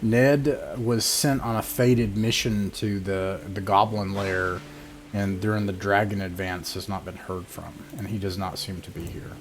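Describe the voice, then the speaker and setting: A man running an online tabletop game as game master, narrating hesitantly with many pauses and fillers over a computer mic. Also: on the low side, steady tone. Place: home, online session. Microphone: computer mic on a video call.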